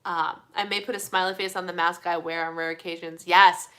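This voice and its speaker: A young woman chatting casually on a live stream, reading viewer comments, animated and full of fillers like "like". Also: fairly low pitch, fairly quick. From Midwestern United States. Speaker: host of a live community chat.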